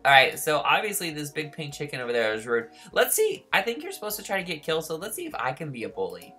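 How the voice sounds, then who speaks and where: A man giving excitable let's-play commentary, yelping and squealing in mock distress and teasing in a playful, childlike way. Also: on the high side, quick pace, slightly rough, soft background music. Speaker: gaming YouTuber.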